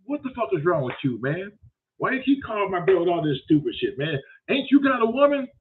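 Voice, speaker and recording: A man's voice: high voice, sing-song, quick pace, background noise, voice pushed up. A man doing an exasperated friend scolding a caller. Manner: raised, incredulous, profane questioning. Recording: tinny phone-like sound.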